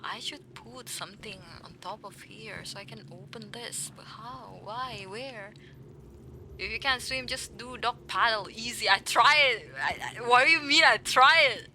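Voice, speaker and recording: Speaking a little slowly in a voice on the high side, a woman chats casually with viewers during a game stream. She's teasing and playful, responding directly to chat, and the background is noisy.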